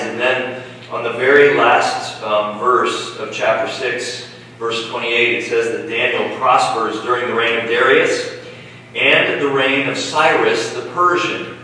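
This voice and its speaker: A man preaching a sermon, in a measured style that builds in intensity when he reads scripture aloud. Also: mid-range voice, steady tone, sharp tone, a little hiss or hum. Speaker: pastor. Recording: echoey hall from a distance.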